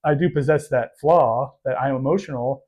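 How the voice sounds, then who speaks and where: A man's voice: mid-range voice, moderate pace, darkish tone. A man co-hosting a podcast in casual chat, rambling and self-deprecating with lots of fillers. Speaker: podcast co-host.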